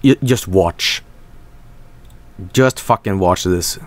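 A young adult man streaming, reacting with excitable, profane, animated storytelling. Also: deep voice, takes it slowly. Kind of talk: live stream reaction commentary.

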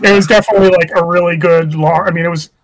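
A man's voice: fairly high pitch, steady tone, rapid-fire, dry recording, rough recording. A man co-hosting a casual podcast, telling rambling stories and laughing often, recorded close to the mic in a small room. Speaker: podcast co-host. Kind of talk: casual chat.

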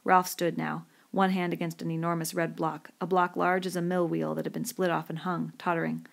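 A woman narrating a novel in a steady, measured voice. Her voice sits fairly low and has a gravelly, creaky texture. The reading is calm and descriptive. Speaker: audiobook reader. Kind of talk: scripted narration.

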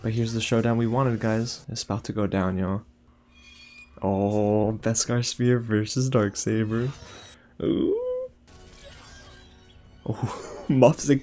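A young man hosting a casual reaction video, talking excitedly to his viewers with lots of exclamations. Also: on the low side, slow, long pauses, soft background music. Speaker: YouTube reaction host.

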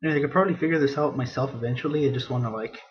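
A young man delivers casual, chatty let's play commentary, mocking himself and reading game dialogue in a hammy theatrical voice. His medium-pitched voice races along, and the audio sounds dull.

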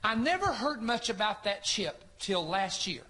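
A male preacher with a high, forceful voice tells a story from the pulpit. He talks in an animated way and slips into the voices of the people in his story as he goes. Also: measured pace, a little hiss or hum. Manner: animated, acts out reported dialogue. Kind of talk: sermon storytelling.

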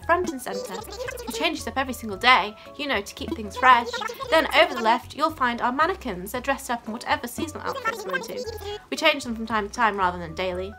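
A friendly, chatty shopkeeper hedgehog, as a woman reads her out, with a high, lively voice. Game music plays clearly under her. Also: a little fast. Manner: chatty, reading dialogue aloud.

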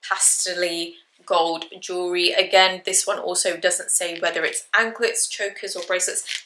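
This fashion haul vlogger, a young Englishwoman, chats brightly to camera about her purchases, and her voice rises whenever a price comes up. She has a mid-range, bright, forceful voice, and the recording sounds roomy.

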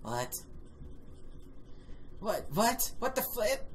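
A woman's voice: medium pitch, big pitch swings, drawn-out words, long pauses, a little hiss or hum. A young woman giving playful let's play commentary, laughing and swearing casually. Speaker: game commentator.

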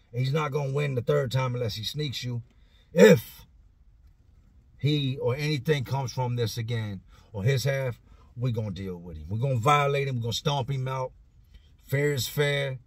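A man's voice: medium pitch, normal speed, slightly rough, no echo. Man doing a firm prison gang leader. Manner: blunt, matter-of-fact street talk.

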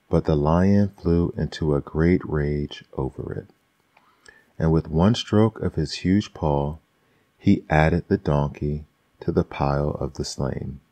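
A man reading fables aloud as an ASMR bedtime storyteller, soft and unhurried. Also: deep voice, no echo.

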